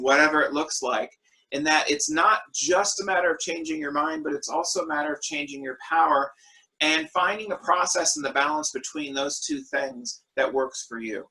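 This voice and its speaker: Man, discussion leader, video call, bright tone, fairly high voice, relaxed storytelling. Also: rough recording. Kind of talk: casual online worship discussion.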